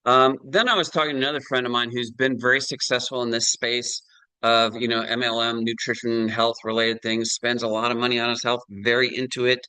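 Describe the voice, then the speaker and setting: A middle-aged man talks through a product pitch on a video call, loose and conversational, leaning on fillers and tag questions. His voice is bright and forward, and the sound is dry and close, with no room around it. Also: fairly quick, clean tone, dry recording, poor audio. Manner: chatty, animated, many fillers and tag questions. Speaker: presenter. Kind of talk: sales presentation on a video call.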